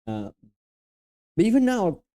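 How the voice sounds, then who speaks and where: A man's voice: high-pitched, huge pitch swings, unhurried, mellow. Blunt, profane young man from Romania. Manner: blunt, profane, emphatic, with restarts. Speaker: dating and confidence coach. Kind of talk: casual advice talk.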